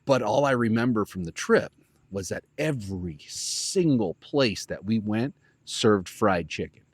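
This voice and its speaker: A man with a deep, low voice tells a casual story as a podcast host. He rambles and gets animated, with plenty of "like" and "you know". The sound is dry and close. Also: unhurried, husky, no echo. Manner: rambling, animated, lots of fillers.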